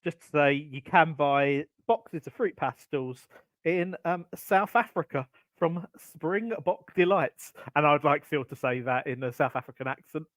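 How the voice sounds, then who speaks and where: A man's voice: on the high side, unhurried, dry recording, poor audio. A man co-hosting a casual podcast chat who makes dry jokes. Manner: joking, dry humour. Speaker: podcast co-host.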